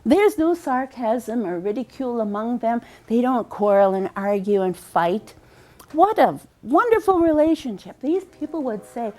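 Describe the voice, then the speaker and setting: Lady storyteller telling an old tale out loud, high voice, slows down and repeats stuff. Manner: lively, slows down for emphasis and repeats phrases. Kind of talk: oral storytelling of a folk tale.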